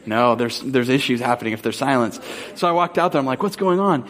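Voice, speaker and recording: A male pastor from Southern California delivers a sermon with a voice pitched neither high nor low. He tells stories in a relaxed, rambling way, full of fillers. When he asks his questions, he slows down and becomes earnest.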